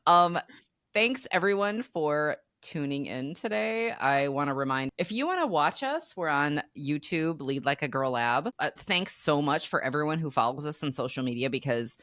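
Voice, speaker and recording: A woman's voice: sits low, animated, normal speed, a bit bright, no room sound, clean studio sound. A woman co-hosting a casual podcast chat, bubbly and laughing often. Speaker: co-host.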